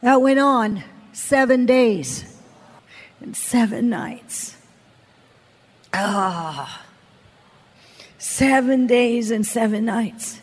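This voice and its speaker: A woman's voice: a little high, slow. A woman preaching a sermon as a personal testimony, telling her story dramatically and acting out the people she quotes. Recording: long hall reverb.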